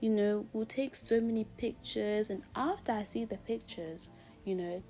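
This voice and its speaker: A woman's voice: medium pitch, moderate pace, mellow, soft background music. A young woman from Zimbabwe, talking casually and openly as a vlogger, with many "like"s, and addressing her viewers as guys. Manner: casual, fills speech with "like" and talks straight to "guys". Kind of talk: candid personal storytelling. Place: at home, doing her makeup.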